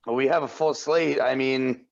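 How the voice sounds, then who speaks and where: A man's voice: mid-range voice, steady tone, unhurried, creaky, dull audio. A man co-hosting a podcast in casual banter, joking and laughing often. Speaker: podcast co-host.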